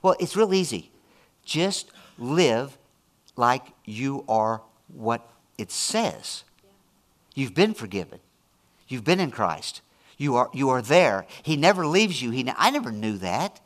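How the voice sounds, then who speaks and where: A middle-aged man preaching a sermon as pastor, emphatic, swinging between loud declarations and hushed, intimate asides. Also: mid-range voice, sing-song, slow pace.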